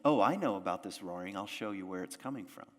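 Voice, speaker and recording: A man's voice: deep voice, lively intonation, fast talker, big-room sound, pitched below the performer's own voice. A man voicing a knowing raccoon guide.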